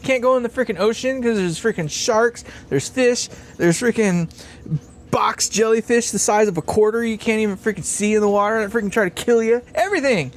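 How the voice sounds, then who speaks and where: A man's voice: high voice, fairly quick, slight background noise. A man hosting a casual livestream while building a guitar amp, rambling, laughing often and swearing freely.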